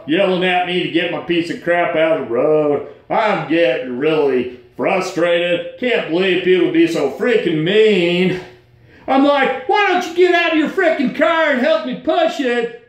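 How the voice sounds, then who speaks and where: A man telling a personal story to camera in a casual, slangy way, acting out the lines he quotes. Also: heavy reverb. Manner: animated, acts out quoted lines with jumps in pitch; slangy, folksy. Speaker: vlogger. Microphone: phone held at arm's length.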